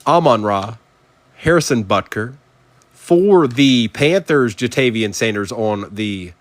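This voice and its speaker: A man running a live card break at a middling pitch for his sex. He rattles off player names in quick runs and chats casually with the people watching, speaking in an even, conversational way. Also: no room sound.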